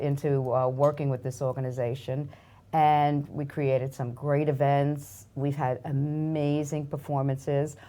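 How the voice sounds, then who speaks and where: An older woman speaks in a strong New York accent with a low voice. She talks in a chatty, effusive way, and she makes light of herself. She sounds like a relaxed interview guest. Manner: chatty, self-deprecating, warm and effusive. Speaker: guest, arts nonprofit marketing director. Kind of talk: casual interview chat.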